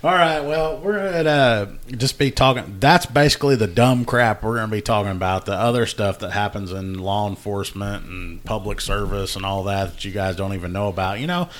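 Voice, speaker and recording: A man's voice: lowish voice, a little fast, hardly any pauses. Laughing man telling a story. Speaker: podcast host, law enforcement officer. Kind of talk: casual storytelling chat.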